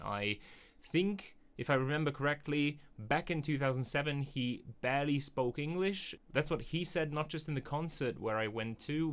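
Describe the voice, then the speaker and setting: Male reaction host, mid-pitched voice, casual and upbeat, talks through what he hears. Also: fairly bright tone. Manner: chatty and upbeat, explains as he listens. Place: small metal shipping container used as a studio. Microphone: studio microphone.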